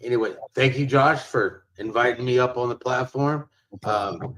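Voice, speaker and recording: A man's voice: medium pitch, normal speed, a bit bright. A father, shown in a played-back clip, launches into a furious, profane and taunting rant. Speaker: father of a missing child.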